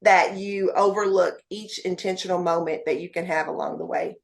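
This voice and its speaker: A woman's voice: on the low side, fairly even intonation, normal speed. A woman guest on a podcast, speaking heartfelt and motivational words straight to the listeners. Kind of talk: podcast interview.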